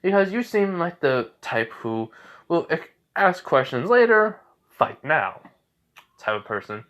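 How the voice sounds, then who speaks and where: A smug, theatrical demon radio-host voice from a little boy, as a man puts it on, set noticeably higher than a plain speaking voice and full of lofty scolding. The delivery is showy and grand, like an old-time announcer looking down on someone. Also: sing-song, a little slow, fairly bright tone, muffled recording. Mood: haughty scolding.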